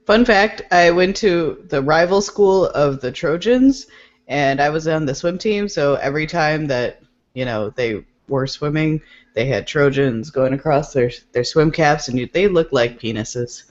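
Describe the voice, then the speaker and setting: A woman's voice: low-pitched, unhurried, lo-fi sound. A woman co-hosting a casual podcast, joking and giggling often. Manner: playful, giggly, jokey. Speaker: podcast co-host. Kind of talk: casual chat.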